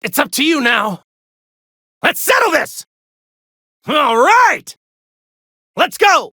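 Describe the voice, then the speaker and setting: A woman voicing a heroic young male martial-arts warrior in fighting game clips, with shouted battle cries and a cheerful, cocky manner. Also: high voice, big pitch swings, slow, no room sound, studio quality, exaggerated voice. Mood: upbeat eager. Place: studio. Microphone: close studio mic.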